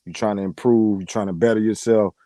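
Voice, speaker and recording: A man's voice: fairly low pitch, fairly even intonation, brisk, mellow, dry recording. A man, co-hosting a sports talk show in casual chat, slangy and laughing often.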